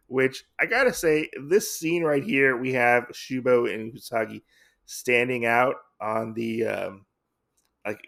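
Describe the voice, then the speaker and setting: Gravelly man recapping a comic. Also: medium pitch, a bit bright. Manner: rambling, heavy on fillers. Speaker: comic podcast host.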